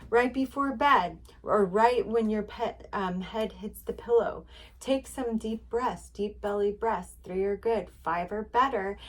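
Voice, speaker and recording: A woman hosting a relaxed spiritual reading, speaking at a mid-range pitch. She rambles in a friendly way and leans on fillers as she goes. She repeats her points to encourage the listener. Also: a little slow. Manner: chatty, rambling, many fillers; encouraging, repetitive. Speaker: spiritual card reader.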